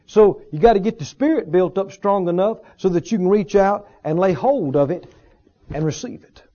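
A man's voice: sits high, moderate pace, mellow, lo-fi sound. A man preaching a sermon to his congregation, teaching earnestly with repeated phrases and rhetorical questions. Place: church service with a congregation.

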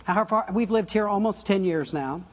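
A fairly high-voiced older man preaches in an easy, conversational way, trailing into asides and correcting himself as he goes. His voice has a husky, breathy edge. The recording sounds slightly muffled and dull. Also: normal speed. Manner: laughs softly at his own stories. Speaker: pastor. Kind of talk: sermon.

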